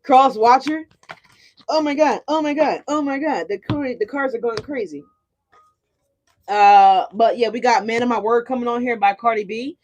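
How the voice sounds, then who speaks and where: A tarot card reader gives a casual reading for her viewers, chatty and profane, often tossing in "right?". Her voice is a little high with a darkish tone at a moderate pace.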